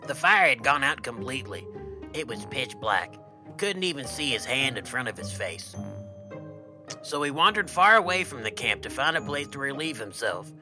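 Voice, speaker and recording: A man's voice: mid-range voice, moderate pace, music in the background. Folksy man telling a campfire tale. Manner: folksy, drawling deadpan delivery. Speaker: podcast co-host and storyteller. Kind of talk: comedic campfire storytelling.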